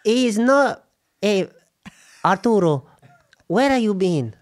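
A man's voice: extremely high pitch, fairly quick, pitched above the performer's own voice. A man voicing a strict, fussy Mexican mother, using an exaggerated mock Mexican accent and scolding questions.

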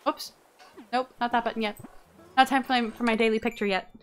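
Young woman streaming a cozy game, chatty, reads the text out loud, kinda high voice, soft game music under it. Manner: chatty, reads game text aloud, quick swings from excited to irritated. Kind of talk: casual let's-play commentary.

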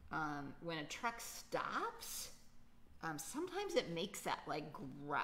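A woman with a deep, slightly bright voice and huge pitch swings teaches a children's poetry lesson at a slow pace. She thinks aloud patiently, using lots of fillers, with a little background noise in the recording.

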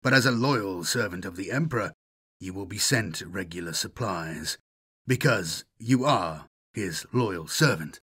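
A man voicing a cold, menacing male warrior commander who speaks with icy calm, lower and softer than his own voice. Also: measured pace, husky, exaggerated voice.

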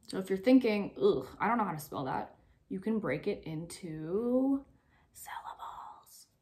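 A young woman teacher giving a recorded spelling lesson to young pupils, spelling words out slowly letter by letter and encouraging them. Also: on the high side, dark tone.

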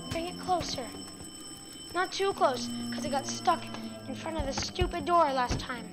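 A gaming video creator talks her viewers through her own let's play, her high voice moving a little slowly. The game has her frustrated and exasperated. Behind her, the game music is loud.

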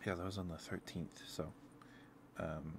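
A man streaming ASMR, chatting casually and softly with his viewers in a laid-back, meandering way at his home setup. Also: low voice, little pitch movement, a little slow, noisy background.

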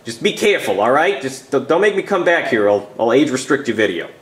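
Man doing a fussy stammering cop, lively pitch, echoey room. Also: brisk, background noise, close to an everyday voice. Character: prim family-friendly male police officer.

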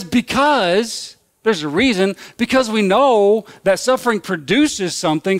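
A man's voice: high voice, fairly bright tone. A man preaching a sermon as pastor, in a conversational, folksy way that repeats and restarts phrases.

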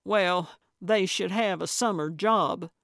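A woman narrator voicing a brusque, stubborn old woman sleuth, pitched a little higher and louder than her narration, with a bossy, emphatic delivery. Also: takes it slowly, gravelly, no echo, studio quality, heavily acted. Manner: bossy, emphatic, slightly raised voice.

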